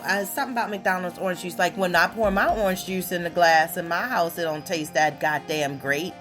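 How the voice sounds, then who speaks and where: A woman, hosting a casual solo podcast in a brash, profane, animated way with sudden loud outbursts. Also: fairly low pitch. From Baltimore area, USA. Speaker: podcast host.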